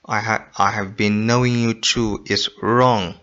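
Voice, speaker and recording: Male English teacher, bright, forceful tone, repeats and quizzes students, lo-fi audio. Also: lowish voice, steady tone, a little slow. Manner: repeats points and quizzes listener ("In what?"). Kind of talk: explaining grammar lesson. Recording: dull lo-fi recording.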